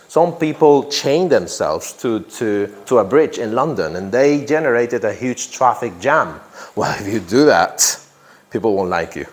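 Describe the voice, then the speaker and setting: A man's voice: lowish voice, lively intonation, unhurried. A man teaching an English grammar lesson to a class, who repeats key phrases and often checks in with "yeah?".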